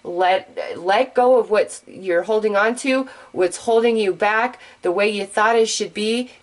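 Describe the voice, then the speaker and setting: A woman giving a general tarot reading straight to her viewers, excitable and gushing, talking in quick bursts. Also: medium pitch, low-quality recording. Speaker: tarot reader.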